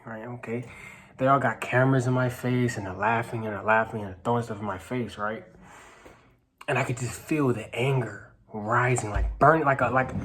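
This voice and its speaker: A nineteen-year-old man earnestly telling a personal story to camera, halting, with many restarts and repeated phrases, sometimes dropping to a hush. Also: medium pitch. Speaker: vlogger. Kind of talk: personal testimony told to camera.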